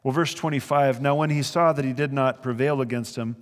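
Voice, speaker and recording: A man's voice: mid-range voice, steady tone, brisk, long reverb tail. A man preaching a verse-by-verse sermon as a pastor, conversational and earnest, with brief chuckles. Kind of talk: sermon, verse-by-verse Bible teaching.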